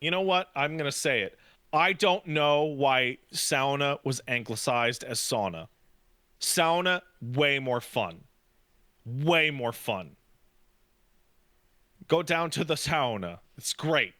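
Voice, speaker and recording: A man's voice: mid-range voice, lively intonation, slow pace, long pauses, bright, forceful tone, no room sound. A man co-hosting a podcast in casual banter, ranting in an exasperated tone and swearing often. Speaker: podcast co-host.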